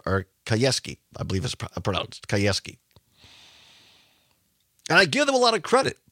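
A man's voice: fairly high pitch, fairly bright tone, no room sound, clean studio sound. A man hosting a radio talk show, giving emphatic, conversational commentary and sometimes correcting himself mid-sentence.

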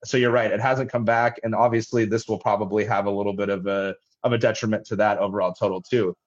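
Male business guest, halting delivery, fairly low voice, dull lo-fi audio. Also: steady tone. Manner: halting, many restarts and fillers. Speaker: logistics company head, guest. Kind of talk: radio interview answers. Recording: dull lo-fi line.

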